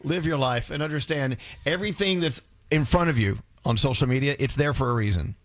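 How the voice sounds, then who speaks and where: A man's voice: medium pitch, brisk, dry recording. A man hosting a morning radio show in casual chat.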